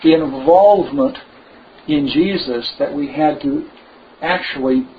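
This is a man's sermon, slow and emphatic, livened up by asides. It's captured in a dull low-fi recording with faint background noise.

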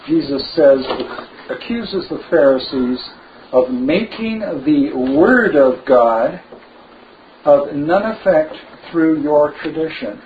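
A man preaches a sermon slowly and emphatically, adding lively asides. The recording is dull and low-fi, with faint noise.

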